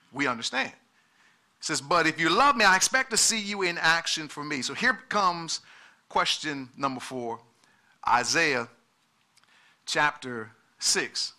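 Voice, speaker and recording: Bright, emphatic male preacher. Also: on the high side. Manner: emphatic preaching with repeated words and calls to the congregation. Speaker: pastor. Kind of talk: sermon.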